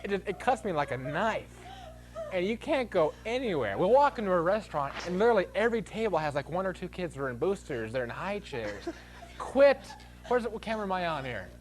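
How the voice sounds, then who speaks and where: Animated, ranting male talk-show host. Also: sits high, brisk. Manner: animated ranting, bursts into shrieks and laughter.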